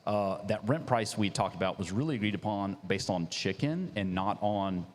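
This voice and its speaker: A man with a lowish voice telling his founder story in casual chat, bursting into animated quoted voices. The sound has a long reverb around it, like a large hard room. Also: moderate pace, slight background noise. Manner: animated, acts out quotes with big pitch jumps. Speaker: business founder.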